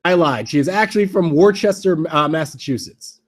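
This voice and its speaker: Male podcast host, slightly high voice, halting wry ramble. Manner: rambling, halting restarts, wry mocking asides. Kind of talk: casual wrestling recap.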